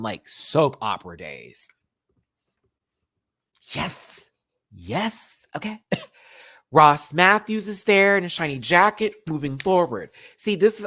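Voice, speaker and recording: A man hosting a live-stream review, chatting casually and swinging from loud outbursts to muttered asides. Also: on the high side. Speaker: YouTube reality TV reviewer.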